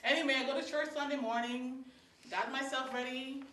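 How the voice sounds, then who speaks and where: A woman with a Guyanese accent telling a childhood story live to an audience, lively and acting out the scenes. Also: high-pitched, fairly quick, a little hiss or hum. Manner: animated, acts out scenes, laughs. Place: hall at a story circle. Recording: roomy hall, mic far off.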